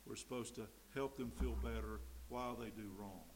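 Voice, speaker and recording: A man preaching a sermon, emphatic, swinging between loud stresses and quiet mimicked asides. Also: on the low side, fairly even intonation, normal speed, a little hiss or hum, low-quality recording. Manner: emphatic, rising and dropping to mimic quoted voices.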